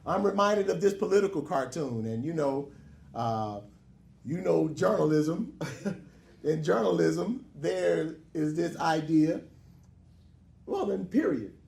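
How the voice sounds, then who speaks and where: A man's voice: on the high side, lively intonation, takes it slowly, creaky, long pauses, a little mellow. A man, a minister, preaching a lecture-style sermon with joking asides and call-and-response. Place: hall with a live congregation. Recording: echoey hall.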